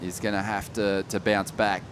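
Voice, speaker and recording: A man calling a surf contest live, relaxed, rising in energy on big turns. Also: on the low side, moderate pace, noisy background. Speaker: surf commentator. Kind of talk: live sports commentary.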